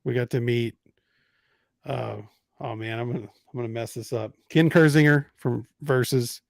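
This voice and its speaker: A man's voice: medium pitch, normal speed, gravelly, dry recording, studio quality. A man hosting a podcast, telling a story in casual chat and acting out the people in it. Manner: animated storyteller acting out quotes. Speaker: podcast host.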